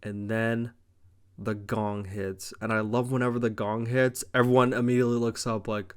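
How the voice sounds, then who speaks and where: A young man casually recapping a wrestling show, rambling, excited and profane. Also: medium pitch, moderate pace, smooth. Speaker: wrestling reviewer.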